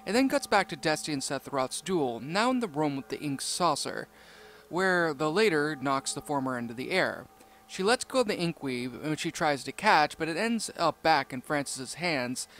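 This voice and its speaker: A man reading a creepypasta story aloud in a steady, measured narration. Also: a little high.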